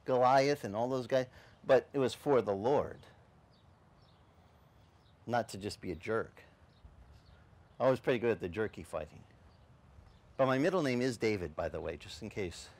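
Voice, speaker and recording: Male pastor, lively storytelling sermon voice, swings wide in pitch, middle register. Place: beach service outdoors.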